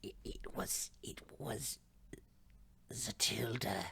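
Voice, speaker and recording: A woman playing a tabletop game, speaking slowly and deliberately. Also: extremely low pitch, gravelly, fairly bright tone, whispered. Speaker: player. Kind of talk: casual tabletop play.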